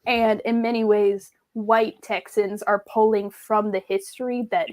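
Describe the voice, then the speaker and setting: Female co-host, mid-pitched voice, earnest and thoughtful in relaxed group talk. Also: measured pace, low-quality recording. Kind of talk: casual group chat.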